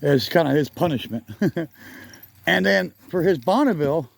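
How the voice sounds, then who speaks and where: A man's voice: fairly high pitch, expressive, normal speed, creaky, dry recording. A middle-aged man chatting casually in a garage vlog outdoors, rambling and correcting himself with frequent chuckles. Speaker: garage channel vlogger.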